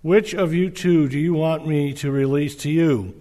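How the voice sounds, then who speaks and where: A man's voice: fairly high pitch, steady tone, warm tone, lightly acted. An uneasy Roman governor, read by a man. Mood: earnest. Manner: measured, earnest reading. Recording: reverberant hall.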